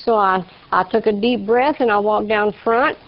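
A woman with a gravelly, creaky voice tells her testimony in a folksy storytelling way. She acts out the voices of the people in her story. The recording is a little dull and lo-fi. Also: mid-range voice, moderate pace. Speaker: speaker giving a testimony. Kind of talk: personal testimony.

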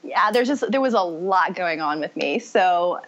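A woman with a fairly low voice shares her personal story as a podcast guest, circling back and restarting her sentences as she talks. The sound is dull and lo-fi, with the top end cut away. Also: a little slow, crowd noise. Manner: rambling, self-correcting, animated storytelling. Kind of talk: personal testimony in conversation. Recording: muffled lo-fi audio.

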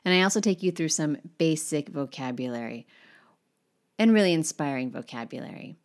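A woman with a somewhat low voice walks English speakers through French basics in a brisk, reassuring tone. She leans into a playful, exaggerated French accent whenever she pronounces the sample words. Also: animated. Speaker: French teacher. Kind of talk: instructional course overview. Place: lives in Paris.

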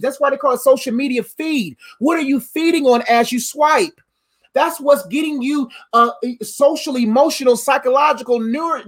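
A pastor giving a conversational livestreamed sermon, repeating key lines and adding playful asides. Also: sits high.

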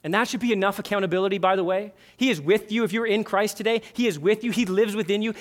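Male pastor, high tenor voice, fervent sermon with repeated emphatic lines. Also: fast talker, few pauses. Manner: impassioned, emphatic repetition. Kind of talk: sermon and closing prayer.

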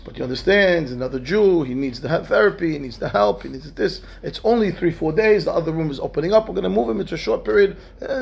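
A man's voice: high voice, lively intonation, fast talker, creaky, few pauses. A man, a rabbi, telling a story in a lesson and acting out the characters' lines in raised voices. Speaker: rabbi teaching a class.

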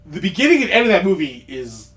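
A man co-hosting a podcast, chatting casually about movies, rambling with quick asides and frequent laughs. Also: high voice, big pitch swings, a bit bright. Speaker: podcast co-host.

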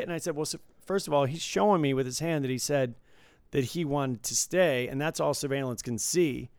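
A man who supervises casino tables, chatting casually and telling an animated story with frequent restarts. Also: fairly high pitch, clear, resonant tone, dry recording, studio quality. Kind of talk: casual chat.

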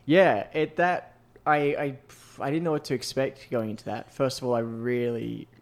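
A man's voice: mid-range voice, steady tone, moderate pace. A man co-hosting a casual chat, rambling with lots of fillers and restarts. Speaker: podcast co-host.

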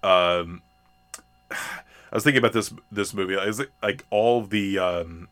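A man's voice: low voice, measured pace, a bit bright. A man co-hosting a podcast, chatting casually about movies in a rambling way, full of fillers and restarts. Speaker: podcast co-host.

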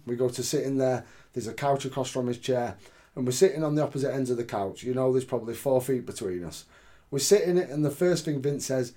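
A man co-hosting a casual podcast, his voice sitting in an ordinary middle pitch. He tells stories with energy, swears freely and laughs easily. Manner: animated storyteller, swearing, laughing often. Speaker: podcast co-host. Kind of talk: casual chat.

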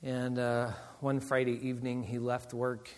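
A man, a pastor, tells stories in a sermon with animated delivery and frequent laughter. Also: mid-range voice, measured pace. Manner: animated storyteller, laughs often. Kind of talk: sermon storytelling. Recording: long reverb of a large hall.

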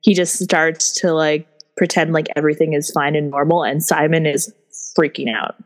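A young woman co-hosting a casual book discussion, animated and swearing freely, full of fillers. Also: low-pitched, normal speed. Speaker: podcast co-host.

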